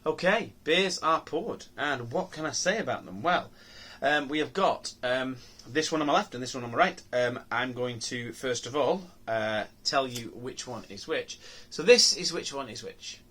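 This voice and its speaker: A man in mid-range pitch talks through a beer tasting on his own show. He rambles and muses aloud, trailing off, restarting and asking himself questions as he sniffs and sips. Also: lively intonation, moderate pace, hardly any pauses, a bit bright. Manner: rambling, musing, lots of ums and restarts. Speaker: beer reviewer. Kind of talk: casual review monologue.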